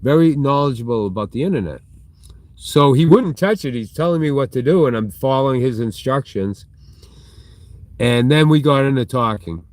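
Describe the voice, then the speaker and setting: A middle-aged man with a voice of ordinary pitch, chatting loosely on a live stream. He wanders through a story and stops now and then to reply to viewer comments. He talks from inside a large store. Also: expressive, moderate pace, darkish tone, dry recording. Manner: chatty, reads and answers viewer chat mid-story. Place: inside a big retail store.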